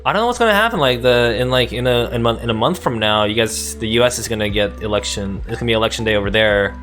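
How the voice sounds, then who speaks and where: A man co-hosting a relaxed podcast conversation from Japan. He laughs easily and often stops to restart his thoughts. Faint music plays underneath. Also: medium pitch, fast talker. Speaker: podcast host. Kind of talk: casual chat. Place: lives in Japan.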